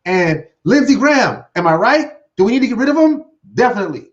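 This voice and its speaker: A high-pitched man hosts his own livestream show, rambling with excitement and tripping over fillers and restarts. The sound is dull and lo-fi, from a computer webcam mic at a home desk. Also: fairly quick. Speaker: host. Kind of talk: solo livestream talk show. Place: home desk setup with green screen.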